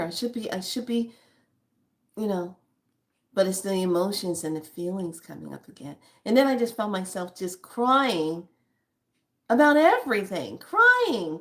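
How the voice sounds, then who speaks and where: A woman in her fifties, chatting candidly to her viewers and telling a story with frequent laughter. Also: medium pitch. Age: 50s. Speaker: spiritual vlogger. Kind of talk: casual chat to viewers.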